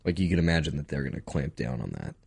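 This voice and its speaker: A man's voice: very deep voice, fast, vocal fry, a little mellow, slightly rough. A man co-hosting a podcast, chatting casually in a rambling, jokey way. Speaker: podcast co-host. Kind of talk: casual chat.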